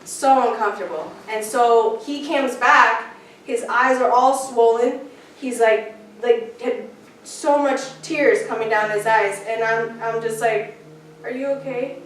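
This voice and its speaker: A woman with a high, bright-sounding voice shares her personal testimony in a church, earnest and emotional as she tells her story. She stands well back from the microphone, and her words ring through a very reverberant hall over a faint room hum. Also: slow pace. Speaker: church member giving testimony. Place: church sanctuary. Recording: echoey church hall, speaker far from mic.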